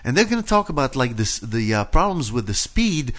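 A man's voice: medium pitch, sing-song, brisk, a bit bright. A man hosting a morning radio show, chatting casually in a rambling, hedging way from the studio. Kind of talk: casual chat.

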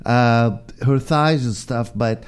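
A man's voice: mid-range voice, slow pace, clear, resonant tone. A man with a chesty cough, chatting casually as a co-host, telling stories with lots of "you know"s. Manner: chatty, animated storytelling with many "you know"s. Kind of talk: casual chat.

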